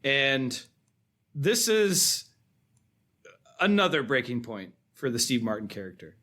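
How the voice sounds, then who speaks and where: A man's voice: mid-range voice, big pitch swings, slow pace, pushed and bright. A man co-hosting a film podcast, talking casually and chuckling as he recounts scenes. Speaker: podcast co-host.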